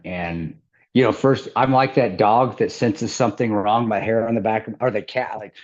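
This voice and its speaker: A man's voice: mid-range voice, animated, moderate pace, darkish tone, dull audio. A middle-aged man from the American Midwest, telling a story as an interview guest, rambling with restarts and laughter. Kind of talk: casual storytelling.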